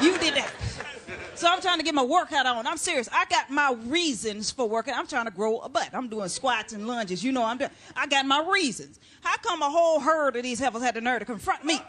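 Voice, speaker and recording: A woman performing a stand-up comedy routine on stage, brash and sassy, shouting her punchlines. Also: high-pitched. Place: stage before a live audience. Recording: live show with crowd laughter and noise.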